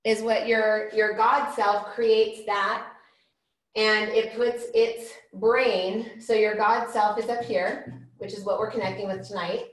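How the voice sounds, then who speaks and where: A woman's voice: medium pitch, little pitch movement, slow. Chatty woman teaching in an echoey room. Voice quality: rambling, chatty, many restarts and fillers. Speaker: spiritual teacher. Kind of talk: informal online class.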